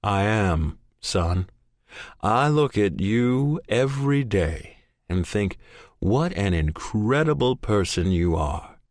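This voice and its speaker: A man voicing a calm, firm adoptive father. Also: on the low side, no echo, studio quality. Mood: earnest, firm. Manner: earnest and measured, rising to stern. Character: calm, steady middle-aged adoptive father. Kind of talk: audiobook character voice.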